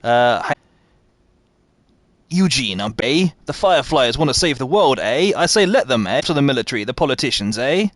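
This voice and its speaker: A man doing a deliberately clumsy, stereotyped Canadian voice as a parent reading out a letter, ending every phrase with "eh". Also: mid-range voice, sing-song, no echo. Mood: mock-earnest.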